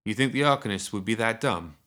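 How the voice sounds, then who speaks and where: A man's voice: on the low side, expressive, fairly quick, fairly bright tone. A man voicing a squat, horned and clawed Englishman who banters in a wry, cocky way.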